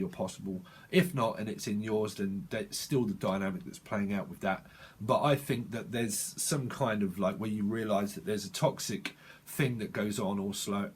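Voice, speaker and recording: A man's voice: fairly low pitch, slightly rough. A man giving a casual tarot reading, rambling, swearing and talking straight to the viewer. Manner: rambling, swears, laughs often, talks to the viewer. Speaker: tarot reader.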